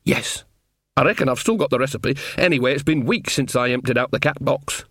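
A man's voice: mid-range voice, a little fast, fairly bright tone, dry recording, clean studio sound, close to an everyday voice. Man doing a bawdy, cheerful old witch. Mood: chatty, teasing. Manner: blunt, homely, teasing.

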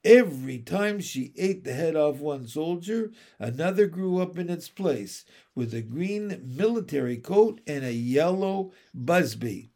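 A man reading a children's storybook aloud, in a slow, unhurried, measured way. His voice sits a little high for a man, and his telling is gentle. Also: lively intonation. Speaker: audiobook narrator.

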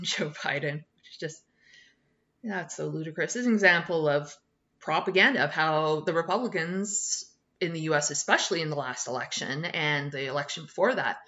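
A Canadian woman co-hosting a casual podcast chat, sarcastic and quick to laugh. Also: low-pitched, sharp tone, dull audio. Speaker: podcast co-host.

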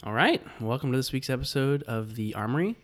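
A man's voice: medium pitch, animated, brisk, music in the background. Male podcast co-host, casual and joking. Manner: joking, playful. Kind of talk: casual chat.

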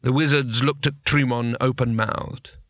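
A man's voice: mid-range voice, fairly even intonation, unhurried, fairly bright tone, no room sound. A man narrating a comic fantasy audiobook in a wry, dry storytelling manner.

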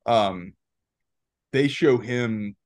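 A man's voice: medium pitch, very slow, dry recording. A man co-hosting a podcast, rambling through a movie recap in casual chat, laughing often and restarting his sentences. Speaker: podcast co-host.

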